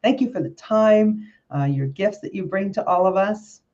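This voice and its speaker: A woman's voice: mid-range voice, normal speed, darkish tone. Woman host, effusive, encouraging, slightly dull audio, video call. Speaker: show host. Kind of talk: interview chat.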